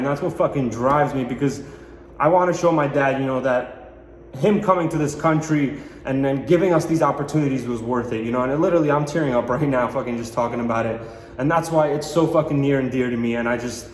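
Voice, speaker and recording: A young man giving a rambling, emphatic motivational monologue as podcast host, full of swearing and fillers. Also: medium pitch. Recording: echoey room with long reverb, faint ambience.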